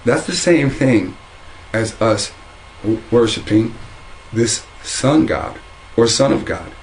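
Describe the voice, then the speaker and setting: A man with a mid-range voice speaks slowly, delivering a heated, rambling monologue on religion to camera from inside his home, full of restarts and repeated phrases. He's a religious video commentator talking casually, and the low-quality recording carries slight background noise.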